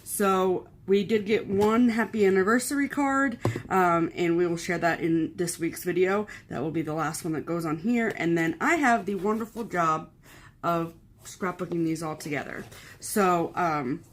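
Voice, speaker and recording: A woman's voice: fairly low pitch, moderate pace. A woman co-hosting a cross-stitch channel in casual chat, sentimental and talkative, running through long lists of things.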